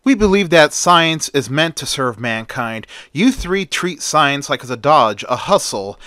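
A stern middle-aged college dean who lectures in a firm, measured voice, played by a male storyteller. His voice comes through bright and crisp, recorded close and dry. He delivers each point like a ruling he does not expect to be questioned. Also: a little high, lively intonation, no echo.

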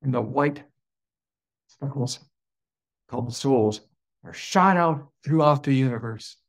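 A man who is a podcast guest tells a personal story. His delivery is slow and full of wonder, with sudden excited rises. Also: medium pitch.

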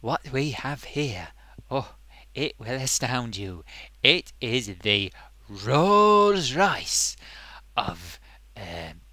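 A man voicing an excitable male sock puppet who hosts a comic makeup review, gushing and bumbling. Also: medium pitch, extremely slow, no room sound, exaggerated voice. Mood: excited. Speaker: host.

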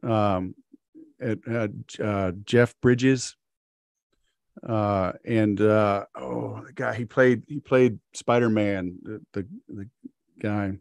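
A man's voice: on the low side, fairly even intonation, slow, vocal fry, dry recording. A man hosting a podcast, telling a story in casual chat with many fillers and restarts. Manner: acts out quoted characters in a sharply raised voice. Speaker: podcast host.

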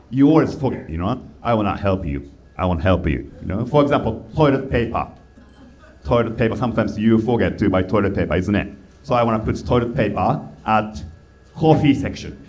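Stand-up, Japanese-accented man, non-native English, deadpan and halting, roomy stage sound. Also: on the low side. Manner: halting, simple phrasing, deadpan complaints. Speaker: stand-up comedian. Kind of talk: stand-up comedy set. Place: comedy club stage.

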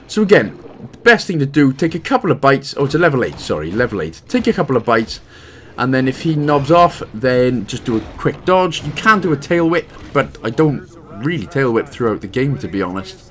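A man's voice: medium pitch, big pitch swings, brisk, slight background noise. A man with a Welsh accent giving a casual, jokey walkthrough of a video game as host of a guide channel. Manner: chatty, jokey, rambling asides.

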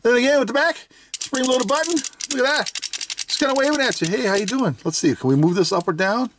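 A toy reviewer hosting a casual unboxing video, chatting with excitement, giggling often and thinking aloud. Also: medium pitch, fast, noisy background. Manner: thinks aloud, unsure asides. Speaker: toy reviewer, channel host.

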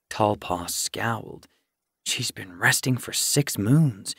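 Male narrator for an audiobook, measured and unhurried, dry booth sound. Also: on the low side, expressive, creaky, fairly bright tone, husky, no room sound. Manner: measured storytelling. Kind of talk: scripted narration.

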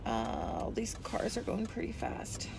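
A woman's voice: extremely low pitch, unhurried, vocal fry. A woman travel vlogger chatting casually in a rambling, venting way, with a stuffy, runny nose. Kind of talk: casual vlog chat. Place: in a car by a busy road. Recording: steady traffic noise.

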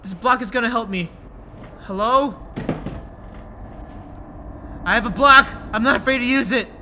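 A man giving let's-play commentary on a horror game, excitable and yelping when startled. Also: very high voice, unhurried, slight background noise. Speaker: gaming YouTuber.

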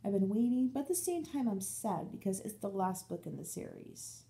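Chatty young woman with a mellow voice. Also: medium pitch, moderate pace, gravelly. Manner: rambling, animated storytelling with acted-out quotes. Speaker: book vlogger. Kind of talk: casual chat.

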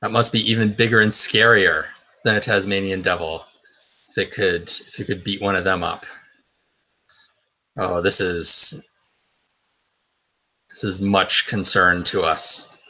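A man voicing a worried wombat with a deep, rumbly voice and a hushed, fretful way of talking. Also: fairly even intonation, a little slow, long pauses, exaggerated voice.

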